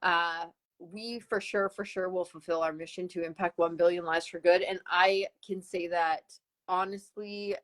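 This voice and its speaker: Speaking at normal speed with a steady, slightly bright tone, a West Coast Canadian woman delivers an enthusiastic live-streamed sales pitch. She talks into a computer mic on a video call, and the recording is rough.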